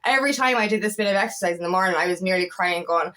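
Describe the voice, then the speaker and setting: A woman's voice: medium pitch, lively intonation, fast talker, few pauses, sharp tone. A woman empowerment coach talking casually to camera, chatty and rambling, with frequent restarts and fillers. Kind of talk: casual motivational monologue.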